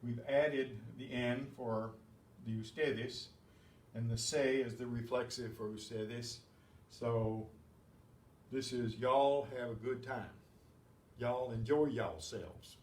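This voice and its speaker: A man's voice: mid-range voice, fairly even intonation, slow pace, a little mellow, distant mic. Man teaching grammar in an echoey room. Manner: patient, explains step by step, clears throat often. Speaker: Spanish teacher. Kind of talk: classroom grammar lesson. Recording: echoey room with faint background hum.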